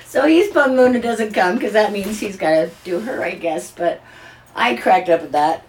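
A woman's voice: mid-range voice, moderate pace. An older woman, a grandmother, telling a family story in casual chat and acting out the voices. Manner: animated, acts out voices in her stories.

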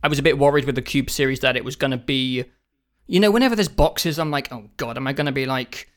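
A man's voice: medium pitch, fast talker. A man with the sniffles, chatting casually about games on a podcast, swearing freely and laughing through his stories. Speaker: podcast co-host. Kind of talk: casual chat.

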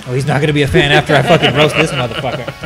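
A man co-hosting a casual podcast, swearing often as he tells an animated story over a webcam. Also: on the high side, racing, music in the background. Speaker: podcast co-host. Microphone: video call webcam.

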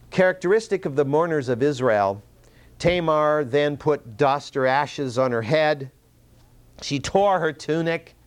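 A man giving an earnest Bible teaching. His pitch moves a lot, climbing high when he stresses a point and dropping low at the ends of phrases. He talks in a conversational way, repeating words and restarting sentences as he thinks aloud.

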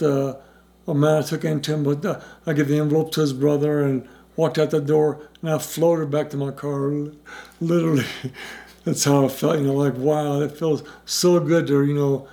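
A middle-aged man being interviewed about his recovery tells his personal story in a rambling way, restarting often and acting out bits of dialogue. His voice is fairly high and warm.

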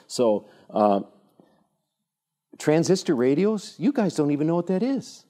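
A man in his sixties speaking to a younger audience in an animated, rambling storytelling way, full of fillers and restarts. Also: a little high, a little slow, pauses often. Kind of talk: informal talk with anecdotes.

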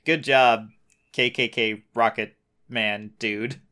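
A man's voice: mid-range voice, steady tone, takes it slowly, bright, forceful tone, clean tone. A young man co-hosting a casual show recap, dropping lots of uh fillers and teasing his co-host. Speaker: podcast co-host.

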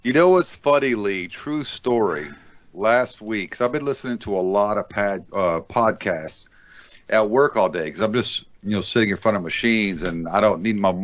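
A man's voice: fairly low pitch, moderate pace, dull audio. A man appearing as a podcast guest, teasing the hosts and telling stories with plenty of swearing. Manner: teasing, profane, storytelling. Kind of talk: casual podcast banter.

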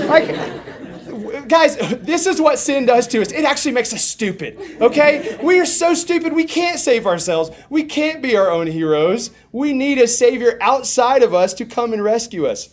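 Animated young male preacher telling a story. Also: very high voice, moderate pace. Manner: animated storyteller, swings from hushed to shouting. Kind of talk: storytelling sermon.

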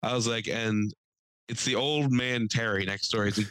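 A man's voice: medium pitch, normal speed, sharp tone, dry recording, low-quality recording. A young man co-hosting a podcast, telling a long, profane story in casual chat and acting out the people he quotes in a raised voice. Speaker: podcast co-host.

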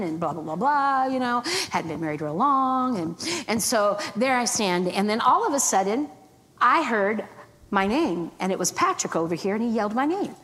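A middle-aged woman preaching as a guest minister, telling stories lively and acting out her own thoughts. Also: mid-range voice. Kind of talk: storytelling sermon. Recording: long hall reverb, faint background noise.

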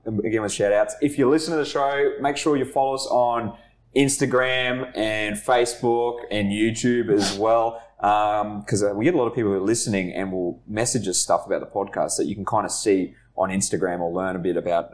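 A man's voice: fairly low pitch, fairly even intonation, fairly quick. A man hosting a podcast in a studio, wrapping up the episode in a jokey, chuckling way. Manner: jokey, chuckling through plugs. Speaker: podcast host. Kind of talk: casual podcast sign-off.

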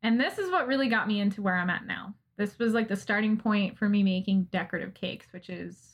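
Husky-voiced woman ranting with laughs. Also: medium pitch, fairly quick. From United States. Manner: animated, laughing, mock-ranting. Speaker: podcast co-host, interviewee. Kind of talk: casual chat.

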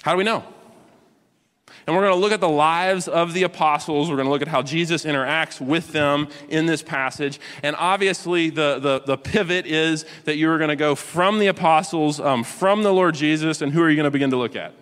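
A man's voice: on the high side, fairly quick, a bit bright, clean tone. A pastor in his forties telling a self-deprecating story during a sermon, asking his listeners questions along the way. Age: 40s. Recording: long hall reverb.

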